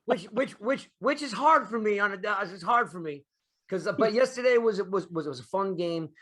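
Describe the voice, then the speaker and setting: A man's voice: high voice, animated, moderate pace, a bit bright. A man hosting a casual sports podcast, talking in a rambling way with many restarts. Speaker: podcast host.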